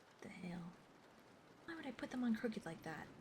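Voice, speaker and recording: A woman's voice: mid-range voice, big pitch swings, normal speed, background noise. A woman ASMR streamer chatting playfully with her viewers, often whispering, giggling and swearing casually. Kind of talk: soft-spoken ASMR livestream chat. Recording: rain ambience behind voice.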